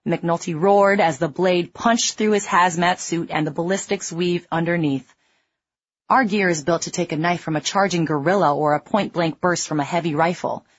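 A woman reading a gritty first-person audiobook story in a measured, tense, low-key way. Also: fairly even intonation, husky, no echo. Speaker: audiobook narrator. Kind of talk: first-person scripted narration. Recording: dry, slightly muffled lo-fi recording.

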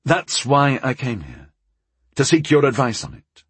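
An eager young mage, as a male narrator plays him, pitched higher than the narration, pressing with quick, urgent questions. His husky voice swings widely in pitch. The recording is dry and close. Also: big pitch swings, no room sound.

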